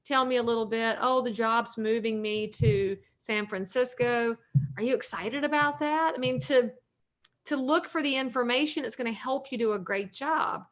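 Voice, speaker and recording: A woman's voice: fairly high pitch, normal speed, fairly bright tone. A woman in her forties from North Carolina with a Southern US accent, a realtor and author talking at length in a casual interview, upbeat and joking.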